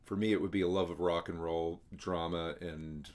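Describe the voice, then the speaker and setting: A baritone man teaching singers how to imitate a rock vocalist, talking in a casual, throaty way that swallows his words. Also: fairly even intonation, normal speed, darkish tone.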